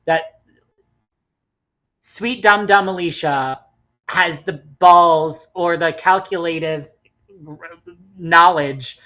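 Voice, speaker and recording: A woman with a low voice co-hosts a casual podcast, picking apart reality TV episodes with blunt, animated opinions. She swears freely and talks through her thoughts with lots of restarts. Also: takes it slowly, pauses often. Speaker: podcast co-host. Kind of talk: casual reality TV recap chat.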